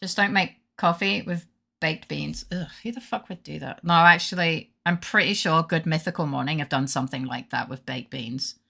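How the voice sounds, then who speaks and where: A woman's voice: low-pitched, moderate pace, vocal fry, sharp tone. A woman streamer chatting casually during a game stream, rambling, swearing freely and going on rants. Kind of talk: casual gaming stream chat.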